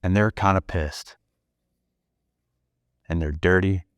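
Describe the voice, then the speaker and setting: Earnest low-voiced man telling a story. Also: slow pace, dry recording. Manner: earnest, casual, second-person storytelling with swearing. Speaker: podcast host. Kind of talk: reflective storytelling monologue.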